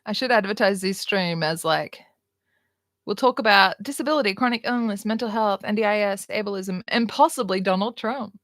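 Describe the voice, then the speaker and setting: A woman's voice: medium pitch, normal speed, a bit bright, no room sound, clean studio sound. A young adult woman, hosting a casual livestream and talking bluntly and candidly, with sarcasm and swearing. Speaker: livestream host.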